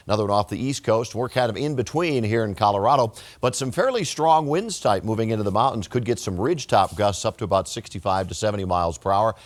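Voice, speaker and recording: A man presenting a TV weather forecast in a relaxed, conversational broadcast manner, recorded in a studio on a lapel mic. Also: fairly low pitch. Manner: relaxed, conversational delivery with casual phrasing. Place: television studio.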